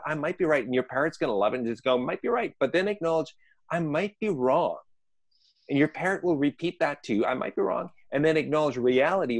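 A man who trains people in conflict management, explaining ideas conversationally and acting out inner voices in short asides. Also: medium pitch. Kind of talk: conversational teaching on a podcast.

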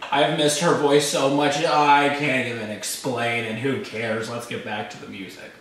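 A man's voice: mid-range voice, level tone, measured pace, a bit bright. Emotional man reacting in an echoey room. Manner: emotional, gushing, swearing, exclaiming. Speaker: music reaction video host. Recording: echoey room from a distance with faint ambience.

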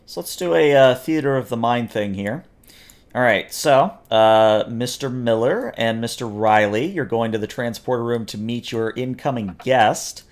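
A man running a tabletop role-playing game as game master, asking players questions with many fillers and pauses. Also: medium pitch. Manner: hesitant, filler-heavy, questioning.

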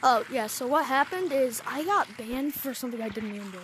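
A woman's voice: sits high, animated, a little fast, fairly bright tone, slight background noise. A woman commenting casually on her gameplay, jumpy and easily startled, complaining as she goes. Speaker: game streamer.

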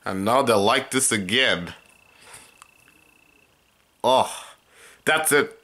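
A young man vlogging at home, dramatic and whiny, swinging between loud complaints and mutters. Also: mid-range voice, drawn-out words. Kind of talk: casual home vlog.

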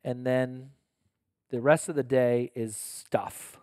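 A man's voice: medium pitch, steady tone, slow pace, darkish tone, no echo. Priest host, man, middle-range voice; conversational, earnest, restarts a lot, dry close mic. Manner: earnest, self-correcting, lots of restarts. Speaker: pastor and podcast host. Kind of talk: casual podcast conversation.

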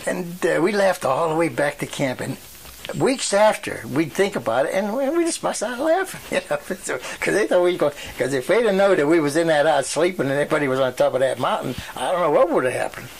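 An elderly man tells his stories in a rambling way, acting out the people he quotes. His voice sits a little high for a man. A faint hiss of noise runs under the recording. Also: animated, fairly quick, vocal fry. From western Pennsylvania. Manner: rambling storyteller who acts out quoted voices. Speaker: oral history interviewee. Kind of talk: storytelling reminiscence.

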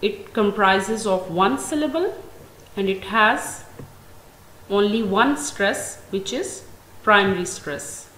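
A woman with a Pakistani English accent, teaching an English class, speaking very slowly and deliberately and stressing each example word. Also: medium pitch, lively intonation, a bit bright. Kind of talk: classroom lecture. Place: school classroom. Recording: echoey room, faint ambient noise.

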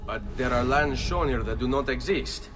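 An actor playing a determined young Italian assassin in a video game cutscene. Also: male voice, medium pitch, normal speed, long reverb tail, over music, natural voice. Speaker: game character.

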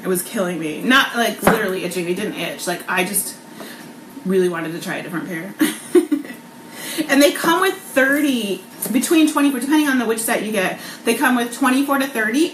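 A woman in her thirties hosting a casual live cooking vlog from her home kitchen. She talks in a bubbly, chatty way, laughs often, and fills her speech with um and like. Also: medium pitch. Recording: echoey kitchen with clear background noise.

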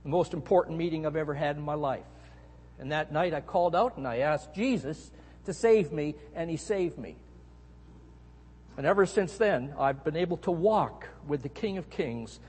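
A middle-aged Canadian man preaching a sermon, telling a story with animated emphasis on key words. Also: fairly high pitch, slightly rough. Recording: echoey hall.

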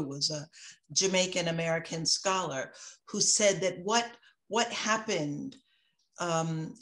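A woman in her sixties, an author speaking in an interview, impassioned and reflective, moving between emphatic and hushed moments. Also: lowish voice. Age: 60s. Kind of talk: interview conversation.

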